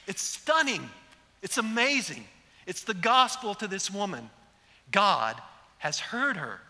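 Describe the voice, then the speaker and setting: Lively preacher in an echoey hall. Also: male voice, high-pitched, slow pace. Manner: animated storyteller acting out quotes. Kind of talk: sermon. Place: large church sanctuary.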